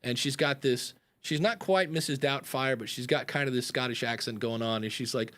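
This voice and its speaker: A man's voice: medium pitch, moderate pace, hardly any pauses, a bit bright. A man, a podcast coach hosting a live advice chat, rambling and acting out example announcements.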